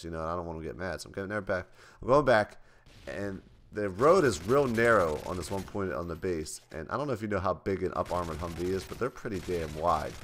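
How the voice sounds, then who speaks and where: A young man with a low, deep voice tells rambling stories to his viewers. His delivery is loose and profane, full of restarts. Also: a bit bright. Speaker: vlogger. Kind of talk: casual storytelling to camera.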